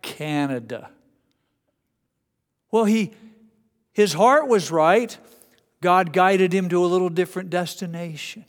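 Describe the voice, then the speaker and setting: Male pastor, slightly higher voice, folksy conversational preaching, long church reverb. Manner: conversational, folksy, with frequent restarts. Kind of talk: sermon. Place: church sanctuary.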